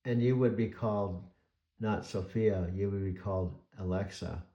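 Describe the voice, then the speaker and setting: A man in his sixties chatting casually with a voice assistant, telling stories excitably and laughing. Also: sits low, normal speed, roomy sound, highs cut off. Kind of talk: casual chat.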